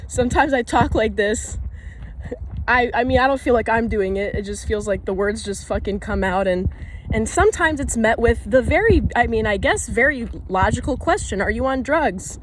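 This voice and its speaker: A woman's voice: on the high side, lively intonation, moderate pace, slight background noise, rough recording. A young woman talking to camera outdoors on a walk in the woods. She rambles from thought to thought, laughs often and swears casually. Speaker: vlogger. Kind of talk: rambling spoken musing.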